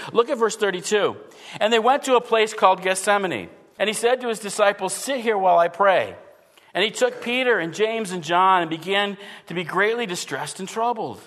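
A man preaching a sermon to his congregation, earnest, often dropping his voice low when he voices what people think. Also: fairly bright tone. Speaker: pastor.

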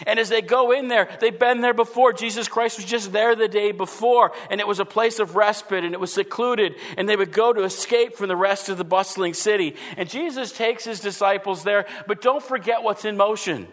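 A man preaching a sermon to his congregation, earnest, often dropping his voice low when he voices what people think. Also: fairly quick, hardly any pauses, fairly bright tone. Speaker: pastor.

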